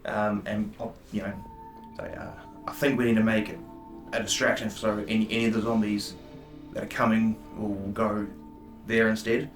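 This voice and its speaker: A man's voice: lowish voice, flat delivery, normal speed, far from the mic, faint music behind. A man playing in a tabletop game, speaking hesitantly with lots of fillers. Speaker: player. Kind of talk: in-character tabletop play.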